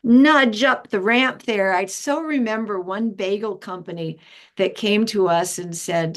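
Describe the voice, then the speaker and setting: An older retired woman being interviewed, telling stories in a lively way and acting out the voices of people she quotes. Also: normal speed. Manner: lively storytelling, acts out quoted voices with pitch jumps. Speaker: interview guest, retired founding director. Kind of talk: conversational interview.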